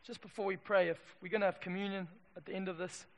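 A man delivers a sermon in a high, bright, gravelly voice. He tells his story dramatically, rising to loud peaks and then dropping low and soft. The sound rings out with the long reverb of a hall. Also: steady tone, fast. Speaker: preacher. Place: church hall.

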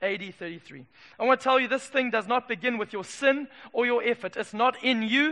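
Male pastor, high and bright, emphatic and punchy, booming hall reverb. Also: brisk, few pauses. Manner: emphatic, swings from loud declarations to quiet asides. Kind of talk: sermon. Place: church.

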